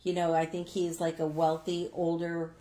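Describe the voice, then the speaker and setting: A woman's voice: on the low side, monotone, normal speed, warm tone, roomy sound. A woman co-hosting a live stream, chatting casually and reading viewer comments aloud.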